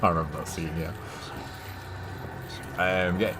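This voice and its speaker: A man's voice: low-pitched, steady tone, a little slow, noisy background. A young English man streaming a game, rambling and chatting casually, swearing now and then. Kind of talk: casual chat while gaming.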